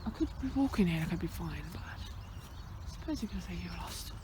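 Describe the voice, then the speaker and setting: A woman films herself out on a hillside and talks nervously to her camera, sometimes whispering and sometimes blurting out loud. Her pitch jumps around a lot. Faint outdoor noise sits under the voice. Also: lively intonation, moderate pace. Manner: nervous, chatty, switching between whispers and exclamations. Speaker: vlogger. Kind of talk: casual vlog narration while hiking. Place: outdoors on a hillside near fenced fields.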